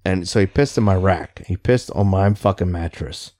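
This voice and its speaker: Foul-mouthed Navy veteran telling a story. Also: male voice, deep voice, normal speed. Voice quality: swears constantly, animated storytelling. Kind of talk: casual profane chat.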